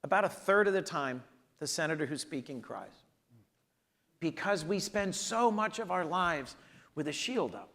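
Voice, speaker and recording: A man in his sixties speaks as a senator at an onstage conversation, telling stories earnestly. His voice sits somewhat higher than most men's. His delivery is emphatic and sincere. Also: expressive, moderate pace, fairly bright tone. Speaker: US senator, interview guest.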